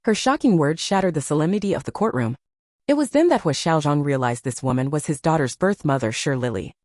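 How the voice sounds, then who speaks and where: A woman narrating a romance novel in an audiobook, with steady storytelling. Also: deep voice, a little fast, dry recording, studio quality.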